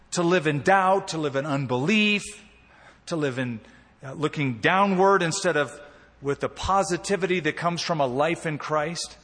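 Husky-voiced male pastor in a reverberant church. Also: on the high side. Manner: animated storytelling, with swings between emphasis and quiet asides. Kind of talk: sermon. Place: church sanctuary.

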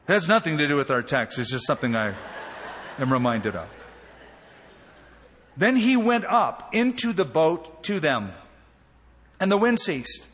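A pastor preaches from the pulpit, telling the story very animatedly at a measured pace, swinging between emphasis and quiet asides with long pauses. His voice is a little high and a bit husky, ringing out with long reverb in a church sanctuary.

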